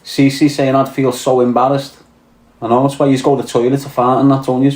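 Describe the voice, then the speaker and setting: A man's voice: medium pitch, little pitch movement, fast, a little mellow. A man with a Scouse accent chatting crudely on a livestream. He reads out viewer comments and tells swaggering, profane stories. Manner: profane, blunt, swaggering storyteller. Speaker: livestream host reading chat. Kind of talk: crude casual chat. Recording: roomy echo.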